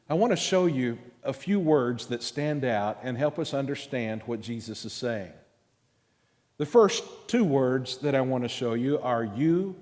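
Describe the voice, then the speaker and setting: A male pastor with a drawl preaches in a deliberate, unhurried way, leaning hard on single words. His mid-pitched voice rings out through a big church hall with a long echo trailing after each phrase. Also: darkish tone. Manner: slow, emphatic preaching with stressed words and pauses. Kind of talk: sermon. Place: church sanctuary. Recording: long reverb of a large hall.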